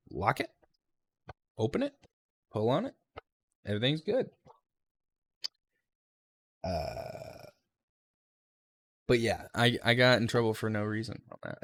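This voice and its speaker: A man's voice: on the low side, dry recording. A young man, a railroad conductor trainee, giving a rambling, casual vlog recap of his training week and swearing freely.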